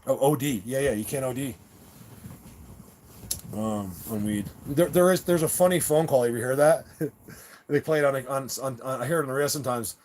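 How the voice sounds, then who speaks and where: A man of ordinary pitch chatting loosely with his live-stream audience. He rambles from one story to the next, stumbling and repeating himself. His manner stays easygoing and friendly, and he laughs often at his own tales. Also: normal speed, pauses often, darkish tone, a little hiss or hum. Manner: rambling, with many restarts and stammered repeats; laid-back and chummy, laughing at his own stories. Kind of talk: casual live-stream chat with viewers.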